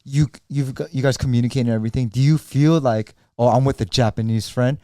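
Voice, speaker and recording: A man's voice: medium pitch, fairly even intonation, quick pace, warm tone, no echo, clean studio sound. A man hosting a podcast, asking loose, slangy questions full of "like.". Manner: laid-back, slangy, filler-heavy questions. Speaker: podcast host. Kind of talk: casual interview.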